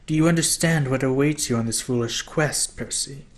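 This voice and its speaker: A sinister old gorgon woman, as a male reader puts her on for an audiobook, purring soft and coaxing. Her menace hides under a grandmotherly calm. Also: medium pitch, moderate pace, lightly acted. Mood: soothing.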